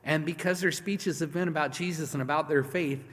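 A pastor preaches with fervor, dropping to a hush and then rising to loud, urgent lines. His voice sits a little high for a man. The sermon rings out in a large sanctuary with long reverb. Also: fast talker, hardly any pauses. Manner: impassioned preaching, swinging from hushed to loud.

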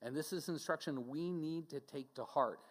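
A pastor delivers his sermon in an earnest, plain-spoken way, talking to his people as if across a table. His voice sits a little high for a man. The sound rings on with a long reverb from a big hall. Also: moderate pace. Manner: earnest, direct, conversational preaching with mocking asides.

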